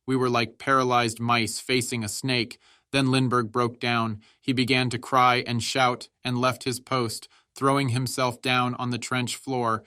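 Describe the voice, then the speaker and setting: A man reading a war memoir aloud as dramatic audiobook narration, raising his voice for the soldiers' shouts. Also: no room sound, studio quality. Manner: shouts quoted soldiers' lines with raised pitch.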